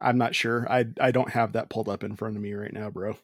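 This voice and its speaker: A man's voice: lowish voice, little pitch movement, fast talker, no echo, clean studio sound. A man co-hosting a casual movie review chat, reading out trivia and correcting the others. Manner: matter-of-fact, corrects others, reads trivia. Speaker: podcast co-host.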